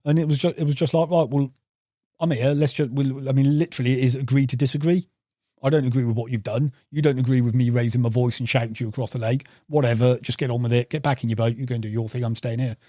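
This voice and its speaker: A man's voice: medium pitch, fairly even intonation, quick pace, dark tone, no room sound, studio quality. A man telling rambling fishing anecdotes as a podcast guest, calling the host "mate". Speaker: podcast guest, carp angler. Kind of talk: casual storytelling interview.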